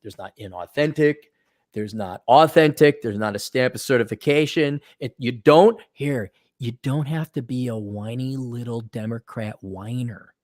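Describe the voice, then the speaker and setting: A man's voice: medium pitch, moderate pace, a little mellow, dry recording, clean studio sound. A middle-aged man giving a blunt, sarcastic opinion monologue as a commentator. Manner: sarcastic and blunt, mocks in put-on voices. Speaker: commentator reading and reacting.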